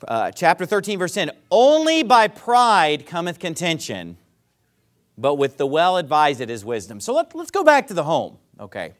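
A male pastor preaching a sermon to his congregation, asking rhetorical questions and dropping his voice softly to act out apologies. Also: huge pitch swings, normal speed. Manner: drops to a soft low voice to act out apologies.

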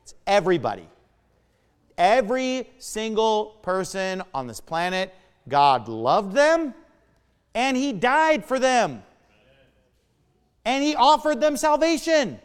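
A male pastor preaching with a high, animated voice that leaps up and down as he stresses words. He drags out key phrases and hammers his points, and a long hall reverb hangs behind each line. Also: slow, long pauses, clear, resonant tone. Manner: emphatic preaching, stretched words and sharp swings of pitch and volume. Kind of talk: sermon.

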